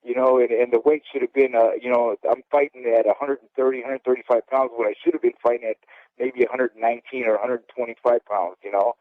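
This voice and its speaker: A man's voice: mid-range voice, fairly even intonation, fast, dry recording. A middle-aged former boxer talks candidly, rambling through his memories and tagging lines with "okay?". His voice sits in an ordinary middle range. The sound is dry and thin, like a telephone line. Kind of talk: storytelling interview. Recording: dry, phone-like audio.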